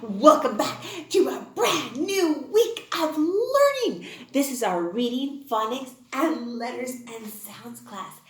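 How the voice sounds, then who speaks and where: Sing-song kindergarten teacher in an echoey room. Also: female voice, on the high side. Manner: sing-song, encouraging, slow and exaggerated for small children. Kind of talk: online class for young children.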